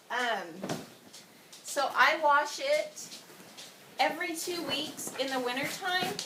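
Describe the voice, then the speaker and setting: A woman at home demos a product in a rambling, chatty way, full of ums and out of breath as she moves around indoors. Her voice is high, and with the camera set away from her, the sound is off-mic, echoey, and noisy.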